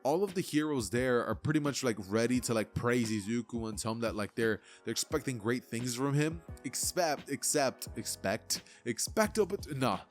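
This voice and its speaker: A man's voice: mid-range voice, moderate pace, few pauses, soft background music. A young man casually narrating an anime fan story in a loose, chatty way full of fillers.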